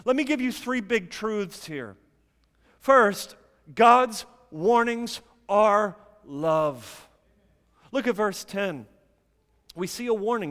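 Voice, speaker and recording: A man preaching a sermon, emphatic at times and dropping to quiet intensity. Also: high voice, expressive, slow, big-room sound.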